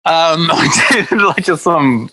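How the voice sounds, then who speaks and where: A man's voice: fairly high pitch, expressive, takes it slowly, bright, forceful tone, dry recording, low-quality recording. A man who is a comedian, telling rambling stories in a casual podcast chat and acting out quotes. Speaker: comedian guest. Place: West Hollywood.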